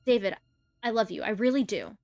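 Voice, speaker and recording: A woman's voice: medium pitch, big pitch swings, a little fast, darkish tone, no room sound, studio quality, faint music behind. A woman reading aloud the part of a young woman, a hurt girlfriend who pleads and defends herself. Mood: pleading. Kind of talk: reading a visual novel aloud.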